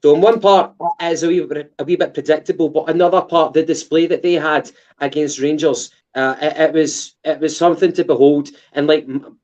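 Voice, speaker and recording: A man's voice: a little high, steady tone, fairly quick, hardly any pauses, a little mellow, highs cut off. A Scottish man co-hosting a casual football podcast, hesitant with many fillers and restarts. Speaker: podcast co-host.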